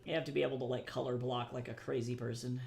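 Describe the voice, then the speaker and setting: Young male artist-streamer, casual chatter, gravelly tone. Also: medium pitch, little pitch movement, fast talker, a little mellow, a little hiss or hum. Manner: chatty, thinks aloud, answers chat. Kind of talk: casual livestream chat while drawing.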